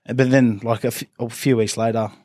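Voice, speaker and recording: Relaxed, chatty man, dry studio sound. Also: medium pitch, brisk, dry recording. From New Zealand family ties. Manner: relaxed, rambling, says "mate" a lot, acts out quotes. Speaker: rugby league player, guest. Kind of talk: casual storytelling interview.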